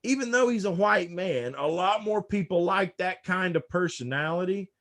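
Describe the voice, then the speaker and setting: Emphatic man with a slightly high voice. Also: normal speed, a bit bright. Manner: emphatic, often repeats a word several times before going on. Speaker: political commentator. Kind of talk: casual podcast discussion.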